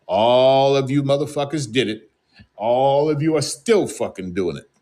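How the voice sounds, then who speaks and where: A man's voice: medium pitch, unhurried, dark tone. A man from the United States on an angry, scolding, profane rant.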